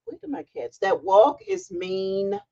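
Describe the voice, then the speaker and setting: A middle-aged woman hosting a casual livestream from home, chatty and excitable as she greets viewers. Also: extremely high pitch, slow, gravelly. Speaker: livestream host. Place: home, sitting on a heating pad. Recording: dull lo-fi livestream audio.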